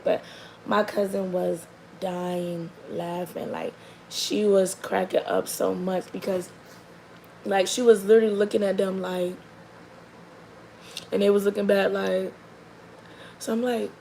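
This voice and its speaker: Young mom vlogger with a gravelly voice, rambling storyteller who drifts between lively and quiet asides. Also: female voice, takes it slowly, pauses often, a little hiss or hum, low-quality recording. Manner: rambling and animated, with many likes and restarts; drops to a soft, low murmur for long stretches. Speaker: mother telling a story about her daughter. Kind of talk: casual storytelling to the camera.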